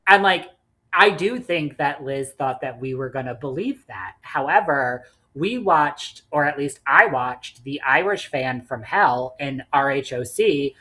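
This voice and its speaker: A woman's voice: very deep voice, lively intonation, unhurried, sharp tone. A woman co-hosting a casual podcast, recapping reality TV bluntly and swearing freely. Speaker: podcast co-host.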